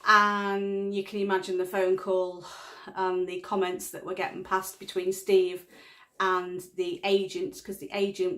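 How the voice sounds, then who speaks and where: A woman's voice: on the low side, a bit bright. Chatty woman vlogging. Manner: chatty storytelling, laughs often, acts out dialogue. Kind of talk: casual chat.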